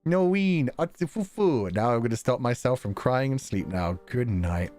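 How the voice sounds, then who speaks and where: Lively, laughing male streamer. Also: mid-range voice, moderate pace. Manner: laughs often, thinks out loud, swears casually. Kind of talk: casual chat after a game stream. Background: faint background music.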